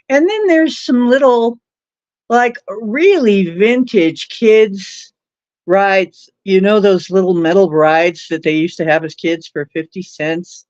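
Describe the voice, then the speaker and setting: A woman's voice: on the low side, no room sound. A woman hosting a livestream, rambling and laughing as she tells stories with lots of fillers. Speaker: livestream host. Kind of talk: casual storytelling chat. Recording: dull lo-fi dry sound.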